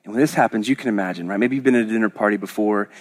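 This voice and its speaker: A man's voice: lowish voice, very fast. Guy preaching, from oklahoma, chatty and jokey, keeps restarting his sentences. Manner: conversational, joking storyteller; frequent restarts and stammers. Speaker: pastor. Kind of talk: sermon.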